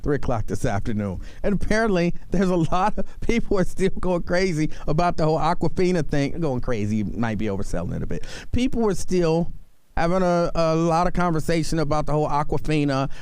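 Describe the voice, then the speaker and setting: A man's voice: fairly high pitch, lively intonation, brisk, a little mellow, smooth, no room sound. A man hosting a talk radio show, talking casually and animatedly, often repeating himself for emphasis. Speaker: radio host.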